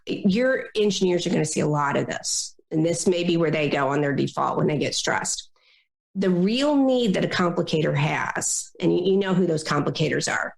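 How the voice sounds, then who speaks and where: Woman guest on a podcast, gravelly voice, roomy echo, lively and demonstrative. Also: lowish voice, fairly quick. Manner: lively, acts out whiners and complainers in quoted voices. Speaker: guest consultant on difficult people. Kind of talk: podcast interview.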